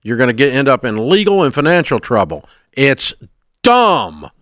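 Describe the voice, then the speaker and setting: A man's voice: medium pitch, big pitch swings, a little fast, fairly bright tone, no room sound, studio quality. A middle-aged man hosting a call-in radio advice show, speaking bluntly and emphatically and scolding bad choices.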